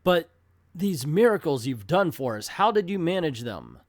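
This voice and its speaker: A man's voice: fairly high pitch, big pitch swings, moderate pace, no echo, clean studio sound. A man voicing an old sea captain who talks in amazed exclamations.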